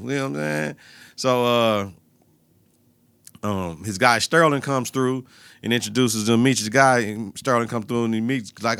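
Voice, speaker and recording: Male podcast host, casual and animated, bright forceful voice, dry close sound, acts out characters as he recaps. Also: medium pitch, moderate pace, gravelly, smooth, no echo. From Milwaukee, Wisconsin. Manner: animated retelling, acting out characters' lines with laughs.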